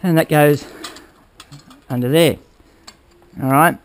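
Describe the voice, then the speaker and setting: In his workshop, a man casually walks viewers through a motorbike build, rambling and checking in with "all right?" along the way. It's relaxed how-to talk, delivered slowly in a slightly high voice.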